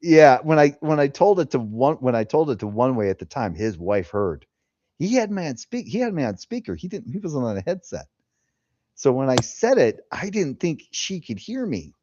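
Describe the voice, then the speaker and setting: A lively man hosting a casual live-stream chat, his voice leaping up and down as he acts out the people in his stories. He speaks at an ordinary middle pitch into a headset. The sound is muffled and bone-dry. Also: normal speed, dry recording. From California. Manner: animated storyteller, acts out quotes. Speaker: host.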